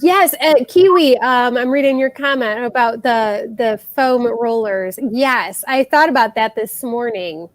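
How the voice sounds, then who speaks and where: A woman's voice: on the high side, a little slow, hardly any pauses, dry recording. A woman co-hosting a casual crochet live show over a video call, chatting, laughing often and reading out viewer comments. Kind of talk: casual chat.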